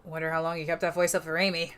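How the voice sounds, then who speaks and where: Woman doing a soft-spoken young detective, quietly musing. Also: sits low, flat delivery, very fast, smooth, faint music behind, pitched below the performer's own voice. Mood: pondering.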